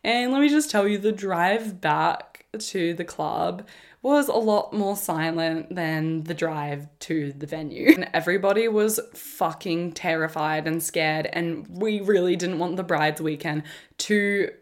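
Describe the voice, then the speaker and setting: Aussie girl in her 20s telling a wild story on her podcast, swears a ton, lowish voice. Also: a little slow. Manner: animated, swears freely, laughs through the story. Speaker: podcast host. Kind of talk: casual storytelling.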